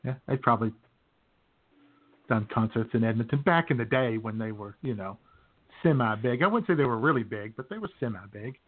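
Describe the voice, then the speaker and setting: A man's voice: medium pitch, expressive, brisk. Brief: easygoing male radio host, rambling, filler-heavy, tinny phone-like sound. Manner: laid-back, rambling, many fillers. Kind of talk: casual comedy chat.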